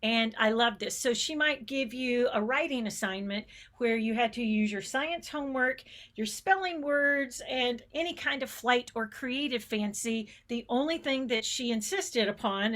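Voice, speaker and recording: A middle-aged woman who teaches about space gives a conference keynote from the stage. Her fairly high, somewhat bright voice carries enthusiastic stories, and her pace changes often.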